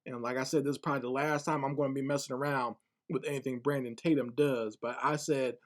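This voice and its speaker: A man's voice: medium pitch, steady tone, fast talker. A man giving casual spoken commentary online, blunt and scornful, often repeating words as he gathers his thoughts.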